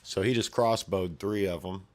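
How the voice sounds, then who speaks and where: Deep-voiced man, profane and loose. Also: normal speed. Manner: profane, full of sound effects. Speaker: storyteller. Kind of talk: casual retelling of a comic story.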